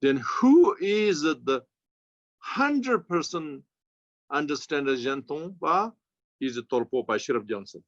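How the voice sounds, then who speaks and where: Tibetan-accented buddhist teacher guy, slow broken english, dull dry recording. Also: a little high, animated, dry recording. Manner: slow, halting speech with non-native English grammar. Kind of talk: dharma teaching commentary. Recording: dull, lo-fi sound.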